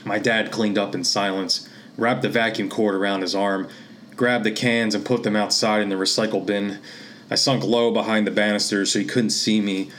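A man from Pennsylvania reads a literary short story aloud, steady and measured in his delivery. His voice sits on the lower side, with a faint wash of background noise under the recording. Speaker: author and reader. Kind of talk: reading literary fiction aloud.

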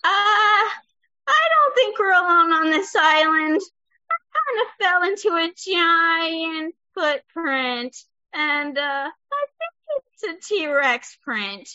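A woman's voice: very high voice, very animated, takes it slowly, sharp tone, dry recording, voice pushed up, full character voice. A woman playing a jittery, frightened castaway who talks in a breathless, urgent way, over muffled call audio. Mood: alarmed.

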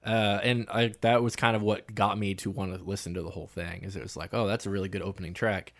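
A man's voice: on the low side, steady tone, fast. A man co-hosting a casual music review podcast, talking loosely with lots of fillers and restarts. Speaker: podcast co-host.

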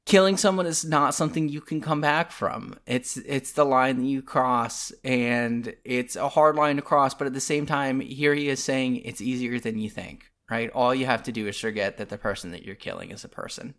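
A man's voice: medium pitch, normal speed, few pauses, a bit bright. A man co-hosting a casual podcast, earnestly retelling comic scenes with many restarts and fillers. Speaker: podcast co-host.

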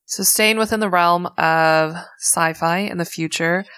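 A woman co-hosting a podcast, explaining things in a measured, thoughtful way. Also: lowish voice, steady tone, fairly bright tone, smooth, dry recording. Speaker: podcast co-host. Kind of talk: casual chat and film summary.

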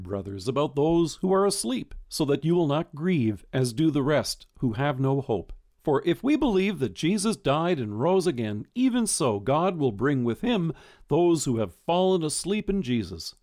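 A man preaches a quiet devotional, his voice rising and falling in a lively, expressive way. The pitch sits a little high for a man. His delivery stays gentle and reflective, like a pastor talking to listeners. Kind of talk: devotional sermon.

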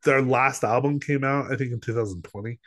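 A man co-hosting a podcast at a middle pitch, chatting loosely and retelling a story. He fills his talk with filler words and jumps into quoted voices as he goes. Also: fairly quick. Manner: rambling, filler-heavy, acts out quotes. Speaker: podcast co-host. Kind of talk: casual chat, film review.

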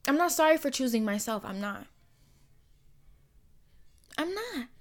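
A young woman hosting her own podcast, talking alone in a blunt, heated, profane way that swings between soft and loud. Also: high voice, big pitch swings, measured pace. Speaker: podcast host. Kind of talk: emotional solo podcast monologue.

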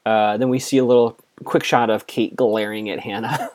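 A man casually recapping a TV episode, chatty and quick to quote the characters. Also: fairly low pitch, steady tone, a little mellow. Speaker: TV recap host.

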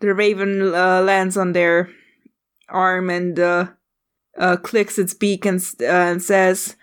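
A woman running a tabletop game as game master, narrating in a halting way with many pauses. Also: lowish voice, flat delivery, clean tone. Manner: halting, many fillers and restarts.

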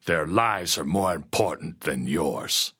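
A man's voice: a bass voice, animated, slow, sharp tone, husky, heavily acted. A man playing a cruel barking farmer master. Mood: threatening. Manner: barking orders, growling. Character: cruel hateful middle-aged male farmer master.

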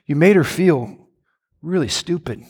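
A calm, fatherly God speaks low and steady, as a preaching man puts him on. The voice is deeper than the preacher's usual tone and carries the long echo of a church hall. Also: measured pace, slightly rough. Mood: gentle, instructing.

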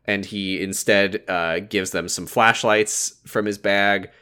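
A man's voice: fairly low pitch, fairly even intonation, sharp tone, smooth. Casual man recapping a show. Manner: laughing, acts out characters' lines in quick bursts. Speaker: podcast co-host recapping a show. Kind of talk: casual chat.

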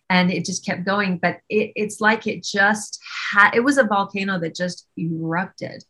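A woman's voice: medium pitch, steady tone, unhurried, sharp tone. A woman guest on a podcast, candidly recounting a personal story and acting out what she and others said. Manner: earnest, candid, quotes herself and others.

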